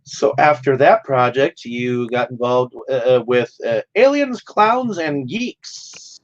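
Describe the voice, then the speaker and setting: A man hosting an interview, asking questions haltingly with many fillers and laughing along with his guest. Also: medium pitch, expressive. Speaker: interview host. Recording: dull dry audio.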